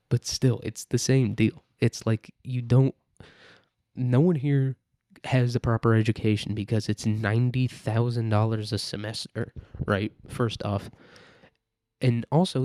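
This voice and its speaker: A man's voice: mid-range voice, dark tone, no room sound, clean studio sound. Profane, sarcastic man ranting solo. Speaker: podcast host. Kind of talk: casual solo rant.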